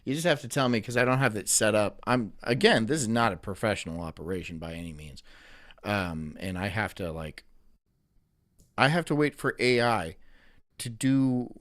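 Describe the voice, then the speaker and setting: A man's voice: fairly low pitch, expressive, normal speed, a bit bright. A man hosting a casual live stream, rambling and cracking crude jokes while reacting to a clip. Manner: rambling, crude joking, frequent laughter. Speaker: livestream host.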